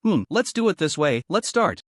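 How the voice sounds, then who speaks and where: A man's voice: fairly high pitch, sing-song, moderate pace, no echo, studio quality. A man voicing a reincarnated man now living as a little panda, speaking with eager wonder. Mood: curious.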